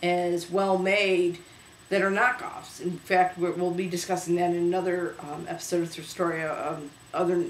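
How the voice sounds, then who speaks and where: A woman hosting a casual home video show about thrift finds, talking chattily with many pauses and fillers. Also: fairly low pitch, flat delivery, echoey room, slight background noise, rough recording. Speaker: host. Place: home room.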